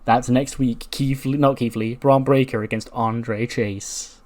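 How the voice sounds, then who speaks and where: A man's voice: medium pitch, steady tone, measured pace, darkish tone. A man casually narrating a wrestling management game, chatty and often laughing. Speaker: game commentator. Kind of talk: casual let's-play narration.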